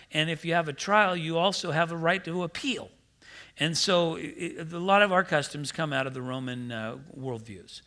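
A male pastor delivering a sermon, animated and emphatic, slipping into mimicked voices for quotes and breaking in with direct asides to the congregation. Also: medium pitch. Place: church.

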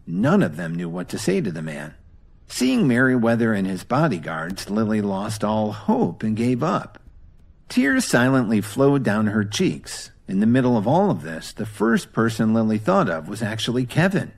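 A man narrating an audio drama in a dramatic, expressive storytelling manner. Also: fairly low pitch, moderate pace.

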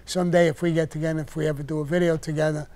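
A man's voice: on the high side, little pitch movement, rapid-fire, mellow. An older man, blunt and profane, telling stories on a live stream and getting heated when he rants. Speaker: podcast host telling stories. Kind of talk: casual storytelling on a live stream.

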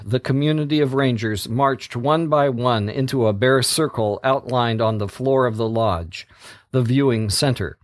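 A man reading a story aloud as narrator, in a slow, steady delivery. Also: mid-range voice, no echo, clean studio sound.

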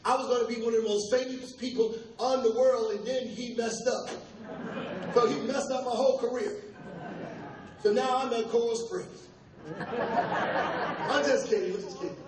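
A man's voice: extremely high pitch, steady tone, noisy background. An older man performing live stand-up comedy, joking loosely and teasing the crowd, his voice worn from weeks of touring. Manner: loose, playful crowd work with quick asides to the audience. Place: comedy club stage before a live audience. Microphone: handheld stage mic. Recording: echoey club recorded from a distance. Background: audience laughter and room ambience.

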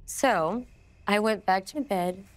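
A woman in a documentary interview, earnestly recounting a ghostly experience in a hushed, suspenseful way. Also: medium pitch, takes it slowly. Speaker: celebrity guest telling a ghost story.

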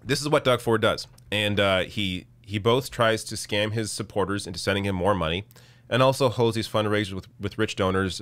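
A man hosting a live news commentary stream, reading news quotes and reacting with indignant sarcasm, his voice going hoarse. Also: lowish voice, moderate pace, a bit bright, no room sound. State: losing his voice. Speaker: political commentary host.

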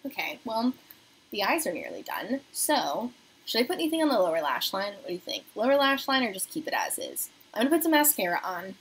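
Young woman, casual beauty livestream host, animated delivery, reads comments aloud, soft asides. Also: medium pitch, a little fast, slightly rough, low-quality recording. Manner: chatty, reads viewer comments aloud, often drops to a soft murmur. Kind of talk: casual livestream chat while doing makeup. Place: home apartment.

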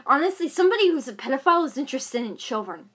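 Young woman vlogger, high voice, agitated rambling rant. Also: sing-song, rapid-fire, bright, forceful tone. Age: young adult. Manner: agitated ranting, many fillers and repeats. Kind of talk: casual venting vlog.

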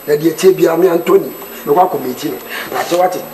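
A man's voice: fairly high pitch, fast, distant mic, a crowd in the background, natural voice. An actor with a Ghanaian accent playing an agitated man in a church and family dispute, pleading and arguing, mixing English into his speech. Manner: pleading then heated, mixes English into speech. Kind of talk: film drama acting. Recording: echoey room with music underneath.

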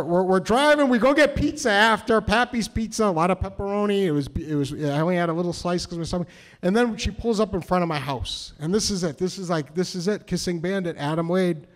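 A man from New Hampshire telling a story on stage, nervous and halting, with many restarts. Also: high voice. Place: cultural center hall, live audience.

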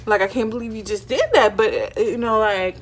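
A young woman telling a casual storytime vlog, chatty and animated, full of "like" and "y'all" fillers. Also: on the high side, a little fast. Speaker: vlogger. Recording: faint background noise.

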